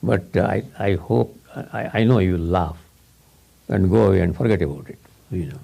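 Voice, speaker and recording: A man's voice: low-pitched, normal speed, vocal fry, dark tone, slightly rough. A man giving a spiritual teacher's informal talk to students in English, his second language, rambling and repeating himself with frequent chuckles. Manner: rambling, repetitive, chuckles often.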